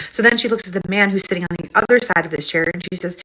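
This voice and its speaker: A woman's voice: fairly low pitch, steady tone, bright, forceful tone, rough recording. A woman hosting and casually retelling a reader's story. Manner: casual, chatty, quick delivery. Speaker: host.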